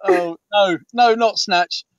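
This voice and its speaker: Slow and high-voiced, this British man in his fifties is an author guest in a relaxed interview, wandering through his answers with frequent ums and false starts. The audio is dry, distant and muffled, with no room sound.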